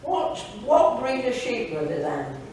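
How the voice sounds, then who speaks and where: A woman voicing an outspoken young Yorkshire farm girl who says just what she thinks. The voice is high and heard from a distance in a very echoey hall. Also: big pitch swings, unhurried, darkish tone, a little hiss or hum.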